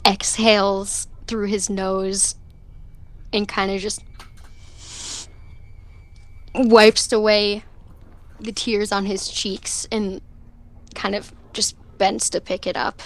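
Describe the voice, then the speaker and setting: A woman's voice: mid-range voice, little pitch movement, takes it slowly. A woman playing a tabletop game, casually describing her character's actions with many filler words. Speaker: player.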